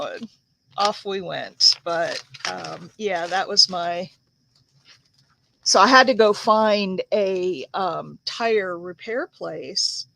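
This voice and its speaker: A woman's voice: medium pitch, gravelly, bright, forceful tone, no room sound. A woman from the United States hosting a crafting livestream, telling a rambling story in a casual, chatty way with many fillers while she works.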